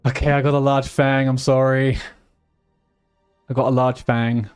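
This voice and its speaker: A man's voice: mid-range voice, flat delivery, unhurried, darkish tone, clean tone, soft background music. A man live-streaming a game in casual commentary, rambling and muttering to himself with mild swearing and humming.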